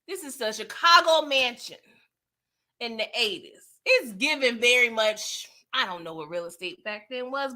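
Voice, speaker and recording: Woman, livestream host, casual late-night chat, high voice, laughs often, slangy. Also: pushed and bright.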